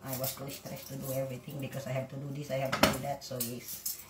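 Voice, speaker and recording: Low-voiced woman venting in an echoey kitchen. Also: level tone, fast. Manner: blunt, swearing, defiant rants between chores. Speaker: vlogger. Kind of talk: casual cooking vlog rant. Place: home kitchen, echoey room, away from the mic. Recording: echoey room, far from mic, loud background noise. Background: kitchen clatter of pots and dishes.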